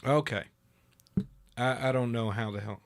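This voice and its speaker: A man hosting a casual political talk show, telling stories with lively acted-out dialogue. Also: mid-range voice, measured pace. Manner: animated storyteller, acts out dialogue in a raised voice. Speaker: host.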